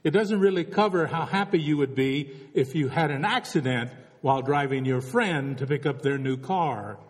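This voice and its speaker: A man's voice: a little high, normal speed, big-room sound. A man delivering a reflective sermon as a pastor, full of rhetorical questions.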